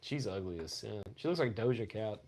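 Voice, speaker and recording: A man co-hosting a loose podcast, riffing and cracking crude jokes. His voice sits at an ordinary pitch, and he curses freely as he rambles. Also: slight background noise. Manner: crude, joking, loud bursts, profanity. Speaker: podcast co-host. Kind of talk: casual podcast banter.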